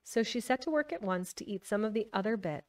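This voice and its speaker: Her medium-pitched voice lively in intonation and a little fast, a streamer reads a novel aloud live and chats with her audience. She's chatty and laughs a lot, and the mic picks her up from a distance.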